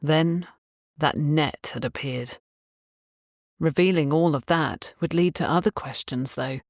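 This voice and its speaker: A woman reading an audiobook as narrator in a steady, even storytelling manner. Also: low voice, a little slow, dry recording, clean studio sound.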